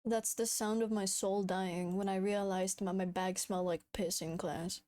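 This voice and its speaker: A woman's voice: medium pitch, fairly even intonation, normal speed, mellow. A young woman chatting on a livestream as a VTuber, frantic, swearing and giggling often. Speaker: VTuber streamer. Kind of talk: casual livestream chat.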